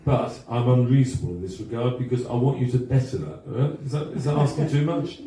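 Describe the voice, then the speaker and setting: A man's voice: mid-range voice, lively intonation, fast, dark tone. A man hosting a live book launch in a bar, joking and chatting with the crowd as he introduces the next reader. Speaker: host and author at a book launch. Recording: very echoey room, distant mic, faint noise.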